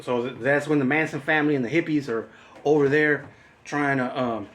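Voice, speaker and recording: A man's voice: medium pitch, steady tone, a little fast, a bit bright, slight background noise. A man co-hosting a casual movie chat, rambling and acting out scenes in raised voices. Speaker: podcast co-host.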